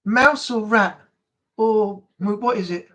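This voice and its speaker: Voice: medium pitch, takes it slowly, a bit bright. A live-stream host, chatty and rambling, reading and answering the chat aloud.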